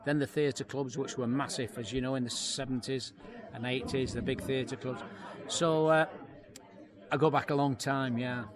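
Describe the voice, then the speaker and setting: Man, 50s, comedian guest, animated storyteller, outdoors, loud crowd chatter behind. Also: medium pitch, normal speed. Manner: lively storyteller, acts out voices, laughs often. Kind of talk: anecdotal interview chat. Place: outdoor launch event.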